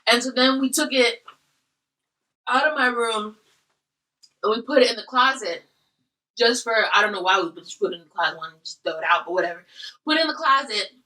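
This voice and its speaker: Chatty woman telling a story, bright voice. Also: on the high side, a little fast, long pauses, recorded from a distance, low-quality recording. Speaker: host. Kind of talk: casual storytelling while eating.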